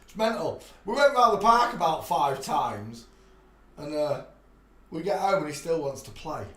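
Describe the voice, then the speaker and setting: A man's voice: on the high side, expressive, a little slow, fairly bright tone. Chatty man in an echoey room. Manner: chatty, laughs often, talks loosely in asides. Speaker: livestream host. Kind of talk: rambling live stream chat. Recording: echoey room, faint background noise.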